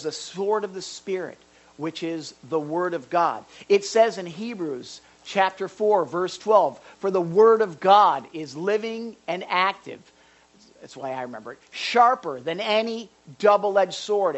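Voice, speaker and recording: Pastor, live sermon in a church hall, animated and excitable, chatty asides. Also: mid-range voice. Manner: animated, gets excited and louder; jokey asides to the congregation.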